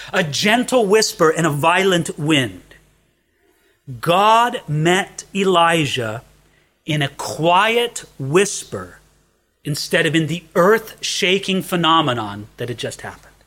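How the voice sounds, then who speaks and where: Bright, high-voiced male preacher. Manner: earnest, shifts between hushed and emphatic. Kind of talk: sermon.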